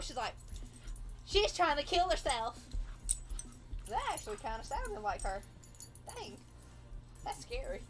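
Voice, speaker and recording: A woman hosting a livestream, casually telling a personal story and acting out what people said. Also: a little high. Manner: storytelling, acts out quoted people. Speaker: livestream host.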